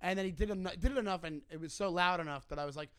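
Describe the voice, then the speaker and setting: High, smooth-voiced male comedian storyteller. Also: racing, no echo. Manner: animated, restarts, swears casually. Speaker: podcast co-host, comedian. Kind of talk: casual storytelling chat.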